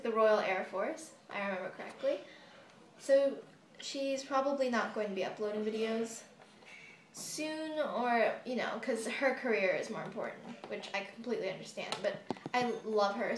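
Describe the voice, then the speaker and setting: Chatty young woman in an echoey room. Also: fairly high pitch. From United States. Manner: chatty, rambling, giggly asides. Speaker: model horse YouTuber. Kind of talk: casual Q&A vlog. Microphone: phone camera propped on a table. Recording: echoey room, faint background hiss.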